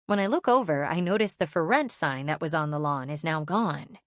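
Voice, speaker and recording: A woman reading a children's audiobook aloud in first person, lively and expressive storytelling. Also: deep voice, a little fast, no echo, clean studio sound. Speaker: audiobook narrator.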